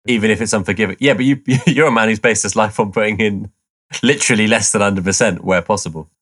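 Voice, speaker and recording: Man, fairly low voice, relaxed co-host reading notes aloud. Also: fast talker. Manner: easygoing, explains and laughs along. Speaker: podcast co-host. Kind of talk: casual chat, reading background notes.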